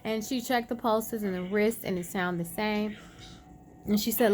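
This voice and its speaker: A woman vlogger casually retelling a personal story, chatty and animated, acting out quoted dialogue. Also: mid-range voice, measured pace, a little hiss or hum. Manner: many fillers and restarts.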